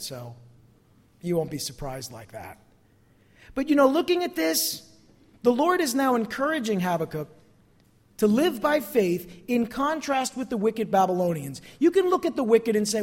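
A man preaching a sermon as pastor, expressive and calling out to his congregation for amens. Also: high-pitched, moderate pace, long reverb tail.

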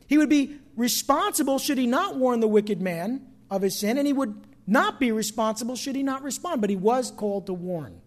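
A middle-aged pastor from New Jersey preaching a sermon in a conversational way, dropping to soft asides and rising to loud emphatic bursts. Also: male voice, extremely high pitch, animated, moderate pace, hardly any pauses.

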